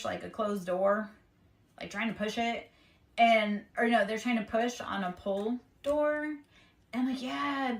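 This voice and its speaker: A woman's voice: mid-range voice, fairly bright tone. A woman giving a casual spiritual tarot reading, earnestly encouraging and talking straight to the viewer. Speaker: tarot reader and spiritual channel host.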